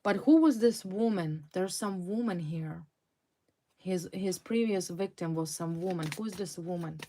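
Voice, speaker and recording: Woman tarot reader, slow, fairly low voice, intense, repeats words. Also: warm tone, slight background noise. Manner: intense, repetitive, dramatic emphasis. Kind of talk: tarot reading to viewers.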